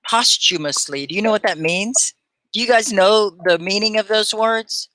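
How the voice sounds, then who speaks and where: A woman from Texas with a Texan accent, hosting a casual live English lesson, chatty and quick to laugh as she sounds words out. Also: mid-range voice, a bit bright, dry recording. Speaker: ESL teacher and host.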